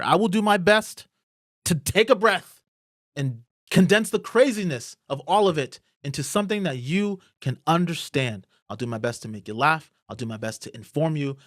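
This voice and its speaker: A fired-up man hosting a political rant, his fairly high voice leaping up and down as his anger builds. He swears freely and pushes hard on every point. The recording is dry and close, with no room sound. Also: no echo. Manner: heated, swearing, rising to angry outbursts. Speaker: political commentary host. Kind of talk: impassioned political monologue.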